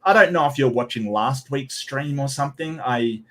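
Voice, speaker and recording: A man talks through a live stream at a middle pitch. He reads posts aloud, greets his chat, and rambles with plenty of ums and restarts. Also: moderate pace, few pauses. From Australia. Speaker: streamer reading and discussing posts. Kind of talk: casual live-stream commentary.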